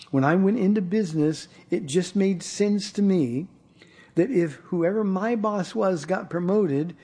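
A man's voice: high voice, mellow, slightly rough. A man preaching a sermon as pastor, earnest and repeating his words as he starts a thought. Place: church.

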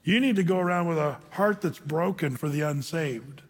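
Animated high-voiced male preacher in a hall. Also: normal speed, breathy edge. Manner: animated, acts out quoted voices. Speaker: pastor. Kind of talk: sermon.

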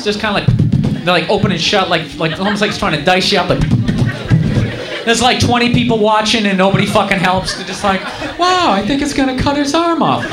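A man doing a stand-up comedy set, telling a rambling, animated story with crude asides in front of a live audience. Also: high-pitched. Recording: echoey comedy club with loud audience.

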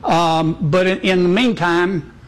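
A man speaking as a senator in an interview, folksy and plainspoken with hesitant filler pauses. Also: high-pitched, rough recording. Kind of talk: interview remarks.

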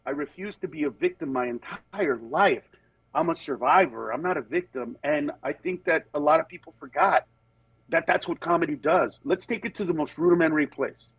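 A man who works as a comedian, telling candid stories in conversation and moving between animated voices and earnest, steady points. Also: fairly high pitch, moderate pace, husky, no room sound, rough recording. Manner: animated, jumps into voices of other people mid-story. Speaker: comedian guest.

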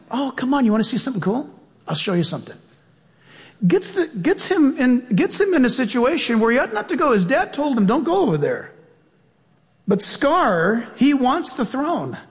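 Brief: earnest male pastor, high voice, slow deliberate preaching, long hall echo. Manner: earnest, drawn-out preaching with prayer. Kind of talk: sermon.

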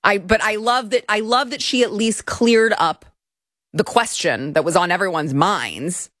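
A woman's voice: mid-range voice, measured pace, a bit bright, dry recording, studio quality. A woman hosting a show, reading out and commenting on a court filing in a wry, incredulous way. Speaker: host.

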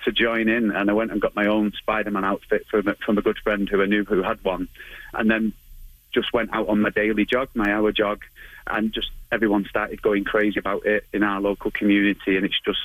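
A British man in his thirties telling his story in a chatty way, restarting phrases and laughing easily. His voice sits fairly low. The sound is dry and close. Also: flat delivery, a little fast, fairly bright tone, no echo, poor audio. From United Kingdom. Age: 30s. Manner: chatty, laughs often, repeats words on starting. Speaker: interview guest. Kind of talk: casual interview chat.

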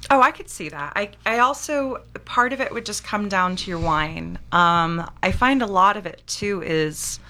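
A woman's voice: medium pitch, normal speed, hardly any pauses, sharp tone. A woman talking casually about wine pairings and thinking aloud as she goes. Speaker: wine guest. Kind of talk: casual chat.

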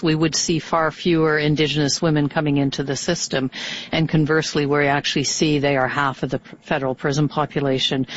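Measured woman, halting. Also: sits low, highs cut off, slight background noise. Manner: measured, halting, with many fillers and restarts. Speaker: senator, guest. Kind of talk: interview answers.

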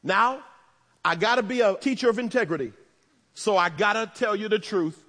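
A man preaching a sermon as pastor, in a conversational style with humorous asides, swinging between loud emphasis and hushed tones. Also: high voice, normal speed. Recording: long reverb of a large hall.

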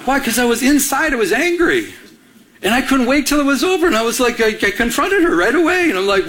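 A middle-aged man from Michigan preaching a sermon, telling a personal story with lively acted-out quotes and sudden jumps in pitch. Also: fast. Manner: animated storytelling, acts out his own quoted lines with big pitch jumps. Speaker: pastor.

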